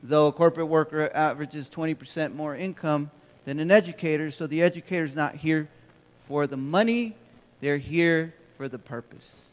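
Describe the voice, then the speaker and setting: A man's voice: fairly high pitch, moderate pace. A man giving a conversational, storytelling keynote talk to educators, asking the audience questions, heard with a long hall reverb. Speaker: keynote speaker.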